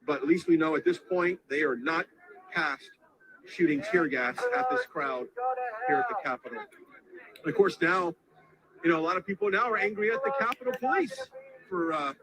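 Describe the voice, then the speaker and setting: A man reporting live from a crowd outdoors, talking in halting, breathless bursts as he reacts on the spot. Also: high-pitched, very animated. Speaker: field reporter. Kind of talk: live on-scene news commentary. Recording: noisy outdoor crowd recording.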